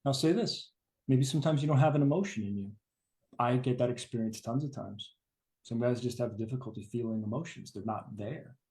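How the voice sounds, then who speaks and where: A man's voice: mid-range voice, a little fast, a little mellow. Man, relationship coach, earnest, emphatic, casual swearing. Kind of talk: personal teaching talk.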